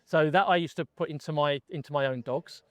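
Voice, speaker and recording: A man's voice: a little high, a little fast, no echo. A middle-aged man, a gun dog trainer from England, chatting casually as a podcast guest and telling his story with many restarts.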